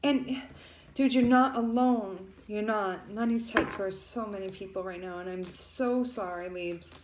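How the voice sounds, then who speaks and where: A woman's voice: mid-range voice, unhurried. Lady doing a tarot reading, chatty and emotional, kinda teary, echoey room with a little hiss. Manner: emotional, tearful at times, loose and chatty. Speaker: tarot reader. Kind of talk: casual tarot reading to viewers.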